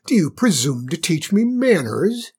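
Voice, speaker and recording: A storyteller voicing a spoiled, bossy queen who barks orders in a shrill, commanding way. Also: big pitch swings, moderate pace, a little mellow, breathy edge. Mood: imperious. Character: spoiled haughty queen, bossy and quick-tempered.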